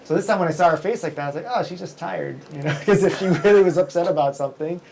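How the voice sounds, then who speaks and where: A man's voice: a little high, rapid-fire, darkish tone, a little hiss or hum, poor audio. Rambling, filler-heavy male show host. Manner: rambling, filler-heavy, with frequent self-corrections. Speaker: host and event emcee. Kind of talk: casual business chat.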